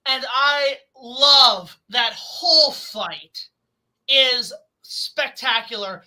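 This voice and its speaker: High, very bright woman, excitable film reviewer, casual. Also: very slow, poor audio. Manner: excitable, enthusiastic, swears casually.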